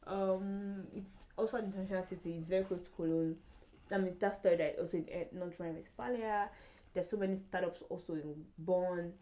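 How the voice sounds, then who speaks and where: A woman's voice: on the low side, steady tone, fairly quick, dark tone, poor audio. A young adult woman vlogging in casual chat, rambling with many fillers and restarts.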